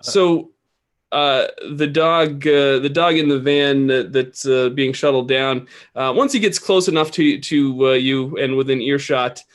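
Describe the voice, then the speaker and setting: A man narrating as game master of a tabletop game, halting, with many fillers and restarts. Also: mid-range voice.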